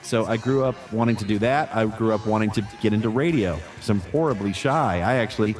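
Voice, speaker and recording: Talkative male voice actor, low voice. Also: a little fast, faint music behind. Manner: relaxed and talkative, many restarts and fillers. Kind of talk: casual interview answers.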